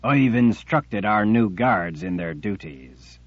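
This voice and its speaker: A man voicing a menacing, gloating male emperor who speaks slowly and mockingly. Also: fairly low pitch, lively intonation, no room sound, dull audio. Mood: mocking menace. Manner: slow, mocking and threatening.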